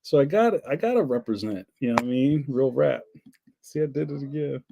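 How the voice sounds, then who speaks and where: A man's voice: medium pitch, big pitch swings, quick pace, mellow, slight background noise. A man, hosting a livestream and chatting casually through viewer comments in a rambling, jokey way with frequent laughs. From Philadelphia, US. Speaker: livestream host.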